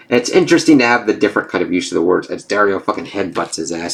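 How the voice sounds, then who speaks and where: Low-voiced man reviewing a comic. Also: expressive, fast talker, creaky, hardly any pauses, a bit bright. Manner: casual, swears freely. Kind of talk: casual spoken review.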